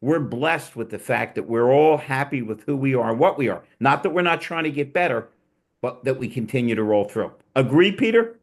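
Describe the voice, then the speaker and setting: A man's voice: medium pitch, expressive, a little fast. A man hosting a casual panel chat, teasing his guests and telling digressive, joking stories. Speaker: host.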